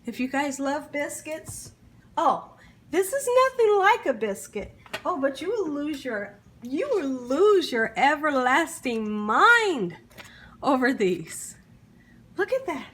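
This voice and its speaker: A woman hosts a home cooking vlog from her kitchen, full of enthusiasm, repeatedly calling out "guys" to her viewers and humming as she tastes. Her high-sitting voice is very animated, slow, and a bit bright.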